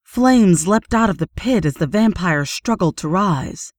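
A woman reading a horror story aloud in steady, measured audiobook narration. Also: mid-range voice, no room sound, clean studio sound.

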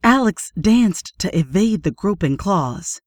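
A woman reading a horror story aloud in steady, measured audiobook narration. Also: mid-range voice, dry recording, studio quality.

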